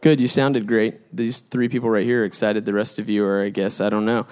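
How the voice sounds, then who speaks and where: A man's voice: fairly low pitch, flat delivery, fairly quick, a little mellow, clean tone. A man, giving a humorous, chatty sermon to a live crowd with lots of fillers and self-deprecating asides. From Georgia, United States. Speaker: preacher.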